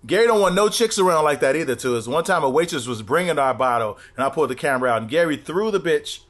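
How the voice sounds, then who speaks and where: A man's voice: on the high side, animated, fast, a bit bright. A middle-aged man guesting on a comedy podcast, riffing crude stories and jokes. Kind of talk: casual comedic podcast chat.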